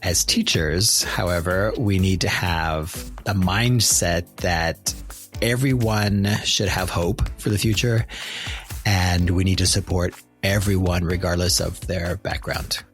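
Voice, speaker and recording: A man's voice: deep voice, steady tone, slow pace, a bit bright, faint music behind. A man hosting an interview podcast, speaking earnestly and chattily with some fillers. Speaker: podcast host.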